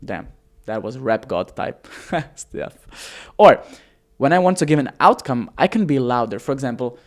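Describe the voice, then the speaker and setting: A man teaching copywriting on camera in a casual, energetic way, swearing freely and shifting his pace and loudness for emphasis. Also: mid-range voice, normal speed. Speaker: copywriting coach.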